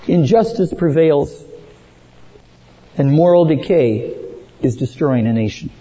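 A man preaching a sermon slowly and dramatically, rising to emphatic peaks and dropping low at the ends of phrases. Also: expressive, mellow. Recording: dull lo-fi sound with long hall reverb.

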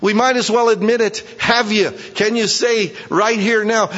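A man preaching a sermon, animated, acting out prayers and swinging his voice up high when he voices them. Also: moderate pace, hardly any pauses. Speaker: pastor. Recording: muffled, with long hall reverb.

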